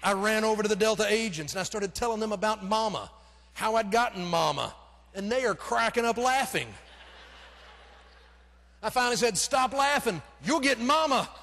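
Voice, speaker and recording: Male pastor telling a story from the pulpit, kinda high voice, long church reverb. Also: normal speed, creaky, long pauses. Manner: dramatic storyteller, swinging from loud urgency to hushed intimacy. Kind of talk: sermon storytelling. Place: church sanctuary.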